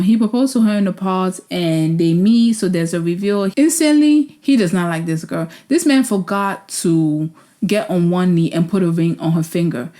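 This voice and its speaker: A woman with a mellow, darker tone gives a casual, sarcastic recap as a vlog host. She is lively and opinionated, and now and then her voice jumps up into high, exasperated exclamations. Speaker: vlog host reviewing a reality show. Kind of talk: casual reaction commentary.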